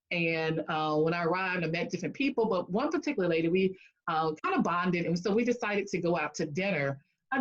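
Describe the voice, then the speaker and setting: A woman's voice: on the low side, dull audio. A woman speech-language pathologist and coach, answering interview questions by telling a personal story with acted-out quotes and frequent laughter. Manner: animated storyteller who acts out quotes and laughs often.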